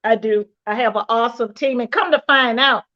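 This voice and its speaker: A woman's voice: fairly high pitch, a little fast, pushed and bright. Emphatic older woman telling her story. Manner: emphatic, repeats key phrases. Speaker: guest, retired police officer and actor. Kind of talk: animated personal storytelling. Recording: muffled lo-fi livestream audio.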